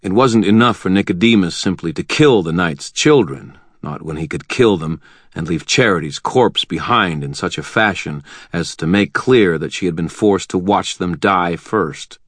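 A man narrating a first-person audiobook in a steady, measured way. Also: sits low, no room sound.

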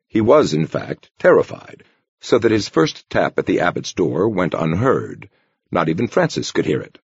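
A man reading a novel aloud as an audiobook narrator in measured storytelling. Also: low-pitched, big pitch swings, vocal fry, husky, dry recording, lo-fi sound. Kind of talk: scripted narration.

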